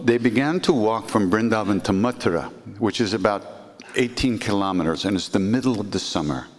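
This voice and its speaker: Brief: low-voiced man narrating anecdotes casually, with a long reverb around him. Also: fairly quick. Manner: rambling, warm storytelling with restarts and "you know". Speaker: podcast host, storyteller. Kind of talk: casual spoken storytelling.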